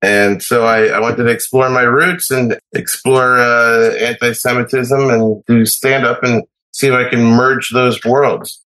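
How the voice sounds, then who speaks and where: A man, a stand-up comedian, joking deadpan as a guest on a chat podcast. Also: mid-range voice, poor audio. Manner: deadpan joking, halting with fillers. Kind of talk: casual interview chat.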